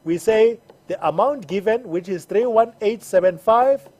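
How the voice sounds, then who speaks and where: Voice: medium pitch, expressive, measured pace, hardly any pauses, darkish tone. An accounting teacher giving a recorded lesson, patiently repeating each step and checking in with the learners. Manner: patient, repeats steps and checks in with "all right?".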